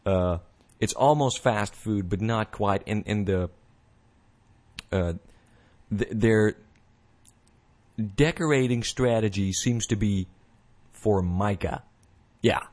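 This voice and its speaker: A man's voice: fairly low pitch, takes it slowly, long pauses, darkish tone. A man hosting a show, talking in a rambling casual monologue with many restarts and mocking little voices. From United States. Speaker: podcast host.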